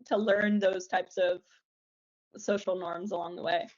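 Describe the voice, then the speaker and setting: A woman's voice: fairly low pitch, little pitch movement, unhurried, a little mellow. Chatty young woman on dull lo-fi audio. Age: young adult. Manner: chatty, self-deprecating, many fillers. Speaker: guest. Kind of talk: casual podcast chat over a call.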